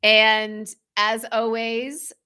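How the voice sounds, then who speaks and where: Woman self-love coach, slow deliberate delivery, bright tone, earnest, repeats phrases. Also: fairly high pitch, little pitch movement, clear, resonant tone. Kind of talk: guided self-help talk.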